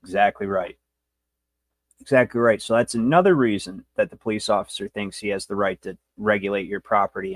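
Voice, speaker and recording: A man's voice: fairly low pitch, vocal fry, dry recording. A man hosting a livestream, lecturing in a brash, rambling, profane way. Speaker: show host.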